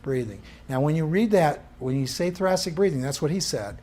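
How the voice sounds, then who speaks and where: Male instructor teaching a live class, lively pitch, keeps asking the room questions. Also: brisk. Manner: quizzing the class with questions, animated.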